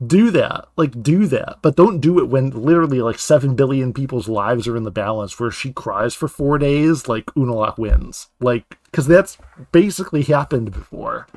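A man co-hosting a casual podcast, arguing his point in fast, animated rambling rants. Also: mid-range voice, no echo. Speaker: podcast co-host. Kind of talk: casual chat.

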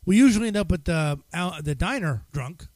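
A man's voice: a little high, lively intonation, a little fast, darkish tone, no room sound. A man co-hosting a podcast in casual chat, teasing and laughing as he tells stories. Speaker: podcast co-host.

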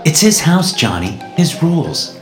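A man's voice: fairly high pitch, sing-song, measured pace, reverberant, faint music behind, voice pushed up. A man putting on a teasing, confident young woman. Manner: smirking, direct.

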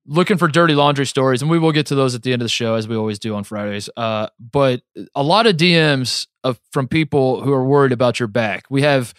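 A man's voice: medium pitch, a little fast, hardly any pauses, dry recording, studio quality. Rambling self-mocking podcast co-host man. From American Midwest. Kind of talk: casual chat.

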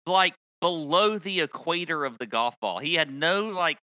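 Cohost guy, bright sharp voice, laughs a lot, talks stats. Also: on the high side, lively intonation, moderate pace, no echo. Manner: laughs easily, argues points with stats. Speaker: podcast co-host. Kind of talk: casual chat about golf picks.

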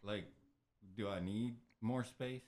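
A man's voice: fairly low pitch, slow, over music. A young man talking in a hesitant, rambling way during a casual chat.

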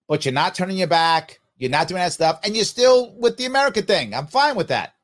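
A man's voice: sits high, very animated, fast talker, few pauses, a bit bright. A middle-aged man hosting a podcast and giving opinionated commentary, talking straight to listeners with rhetorical questions. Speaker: podcast host.

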